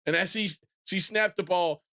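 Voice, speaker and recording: A man in his thirties chatting casually on a live stream, animated and breaking into loud excited bursts as he retells things. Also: sits high, normal speed. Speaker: gaming streamer.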